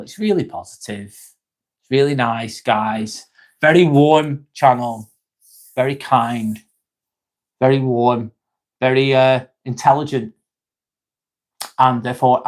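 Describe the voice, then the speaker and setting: A young man hosting a casual live stream, chatting to viewers, swearing now and then and calling people mate. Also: medium pitch. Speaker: livestream host reading chat.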